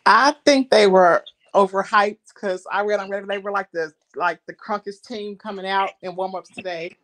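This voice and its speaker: Woman, casual podcast chat, hesitant, lots of likes, mid pitch. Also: fairly even intonation, moderate pace, a bit bright. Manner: hesitant, filler-heavy.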